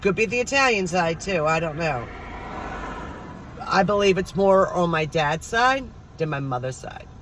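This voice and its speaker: Talking casually to her audience, a middle-aged vlogger tells stories and performs the voices of the characters involved. She has a lowish, expressive, somewhat bright voice and speaks a little slowly, with slight hiss or hum in the background.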